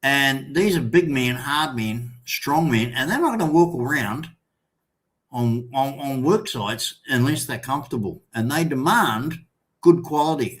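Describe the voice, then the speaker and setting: Older Australian male stream host, slightly high voice, loose and rambling, salty language. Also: moderate pace, a bit bright. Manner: rambling, swears, calls viewers mate and son. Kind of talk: casual live chat.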